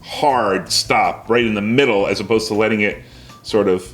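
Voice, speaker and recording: A man's voice: lowish voice, normal speed. An American man hosting a casual language show, chatty and eager to jump in with his own asides. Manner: animated, chatty, jumps in with asides. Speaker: host. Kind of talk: casual educational chat.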